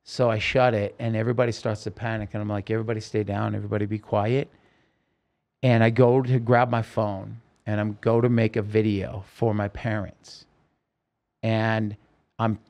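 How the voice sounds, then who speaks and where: A man's voice: fairly low pitch, darkish tone. Man telling a gripping story urgently. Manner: urgent, vivid storytelling in the present tense. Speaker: podcast guest. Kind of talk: recounting a personal story in an interview.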